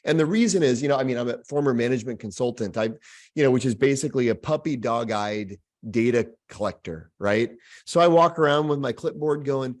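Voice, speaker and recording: A man explains ideas in a loose, conversational way over a video call. He is animated, and he slips into quick character voices to act out short scenes. His voice sits at a middle pitch. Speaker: guest design expert. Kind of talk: casual explanatory talk.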